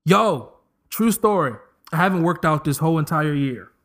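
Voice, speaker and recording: Animated joking man in his thirties. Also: on the high side, moderate pace. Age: 30s. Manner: animated, joking, slips into voices. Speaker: podcast host. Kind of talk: comedic casual monologue.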